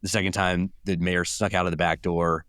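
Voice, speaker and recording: A man's voice: low-pitched, level tone, moderate pace, a bit bright, smooth, no echo, studio quality. A male journalist from California with a Californian accent, rambling as a guest and acting out people he met. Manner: rambling, acts out quoted people. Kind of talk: casual interview talk.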